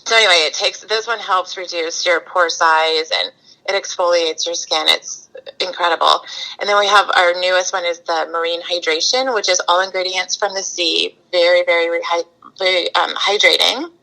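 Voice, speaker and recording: A middle-aged woman from California, a brand founder chatting in an interview, lively and quick to laugh as she tells her stories. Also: fairly low pitch, creaky, low-quality recording. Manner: bubbly, chatty storyteller, laughs often. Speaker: guest, skincare brand founder. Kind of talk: casual interview chat.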